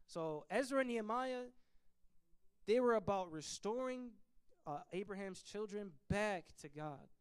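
A man leading a Bible study, teaching in an animated way and acting out biblical figures in quick asides. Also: high voice, smooth.

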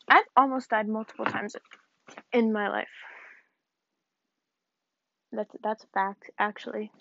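A woman's voice: on the high side, slow, vocal fry, long pauses, bright, forceful tone, no room sound. A young woman from the American South, rambling in a casual vlog with self-mocking, giggly asides while she tidies up. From Southern United States. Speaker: vlogger. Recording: dull, dry lo-fi recording.

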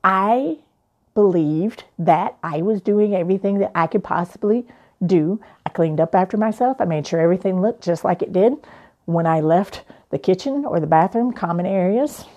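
A young adult woman, a life coach, telling a personal story in an animated, playful way. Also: lowish voice, normal speed, muffled recording.

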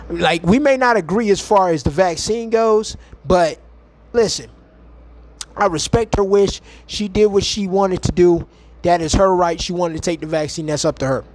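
A man's voice: high voice, a little mellow. A man hosting a podcast, delivering a heated, mocking and profane ranting monologue from home. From United States. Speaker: podcast host.

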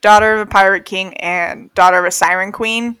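A woman's voice: medium pitch, fairly even intonation, fairly quick, bright, forceful tone, clear, resonant tone, no echo. A young woman co-hosting a podcast, chatting in a giggly, laid-back way. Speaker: podcast co-host. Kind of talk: casual chat.

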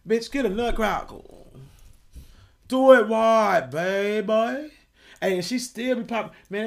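High-voiced, gravelly, slow-talking man. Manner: profane, rambling, freewheeling. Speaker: podcast host. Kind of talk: casual rambling monologue.

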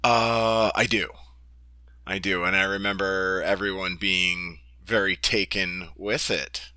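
A man's voice: low-pitched, fairly even intonation, slow, pushed and bright, clear, resonant tone, no room sound. A man co-hosting a casual podcast, talking with enthusiasm, laughing often and repeating his words. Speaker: podcast co-host.

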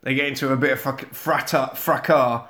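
Man, bright-voiced, animated casual storyteller, echoey room. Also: mid-range voice, normal speed. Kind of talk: casual film recap.

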